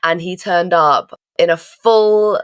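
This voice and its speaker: A young woman co-hosting a podcast, relaxed in casual chat and mostly giving short reactions. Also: lowish voice, slow, clean tone, dry recording. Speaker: podcast co-host.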